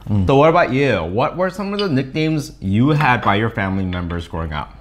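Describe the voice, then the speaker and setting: A man's voice: medium pitch, fairly quick. A young man co-hosting a mukbang, chatting casually and teasing himself playfully while eating. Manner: animated, playful and self-teasing. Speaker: co-host of a mukbang channel.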